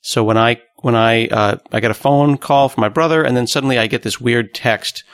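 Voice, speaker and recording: A man's voice: mid-range voice, brisk, fairly bright tone, no echo, clean studio sound. Plain-spoken man hosting a tech podcast. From Pacific Northwest. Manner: plain newsreader-like delivery. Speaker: podcast host. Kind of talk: casual tech podcast chat.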